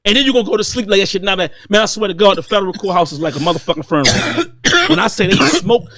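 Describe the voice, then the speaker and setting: Baltimore dude talking fast and high, profane casual podcast chat. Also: male voice, sing-song, fairly bright tone, dry recording, studio quality. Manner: quick interjections, blunt and profane. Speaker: podcast host.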